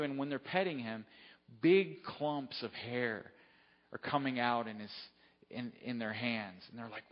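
A man's voice: medium pitch, normal speed. A man preaching a sermon, telling a story in a conversational way and often checking in with his listeners. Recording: dull lo-fi sound with long hall reverb.

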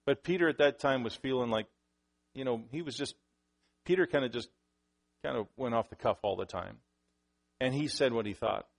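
A pastor delivers a sermon to his congregation in a relaxed, conversational style, his voice at a middle pitch for a man and a little creaky. He speaks at a normal pace but pauses often, breaks off and restarts sentences, and turns aside to address the congregation. When he wants a point to land, he gets louder and his pitch rises.

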